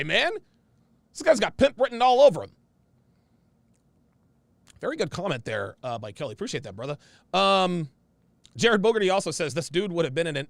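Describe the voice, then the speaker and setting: A high-pitched man with a gravelly edge talks through a casual livestream and reads viewer comments aloud. His delivery is blunt and full of slang, and he often says the same phrase twice for emphasis. The sound is dry and close. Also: fairly bright tone, no echo.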